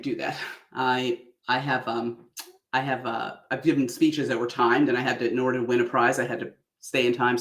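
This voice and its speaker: A woman coaching on public speaking in an animated, exaggerated way that is broken up by frequent laughs. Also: extremely low pitch, echoey room. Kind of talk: online workshop talk.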